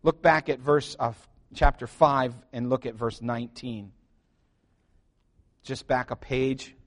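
A man preaching to his church, animated and joking, calling out to the congregation for responses. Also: medium pitch, slow pace. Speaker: pastor. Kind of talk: sermon. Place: church sanctuary.

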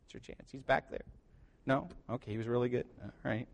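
A middle-aged man preaching a sermon as pastor, joking and shifting between loud emphasis and quiet asides. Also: mid-range voice, steady tone, a little fast, vocal fry.

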